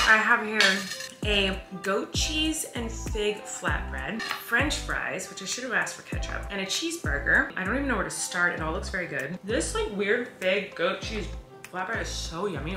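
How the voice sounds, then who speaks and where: A woman in her thirties talking fast and rambling in a casual vlog, stressed and overwhelmed. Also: medium pitch, sing-song, echoey room, over music. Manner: rapid, chatty and rambling. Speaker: vlogger. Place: hotel room.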